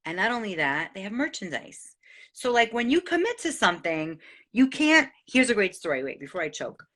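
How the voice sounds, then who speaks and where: Speaking directly to her viewers, an excitable middle-aged New York woman hosts a casual motivational monologue, her voice bright and forward at a medium pitch and a moderate pace. She is animated and profane, swearing freely and holding nothing back as she gives life advice.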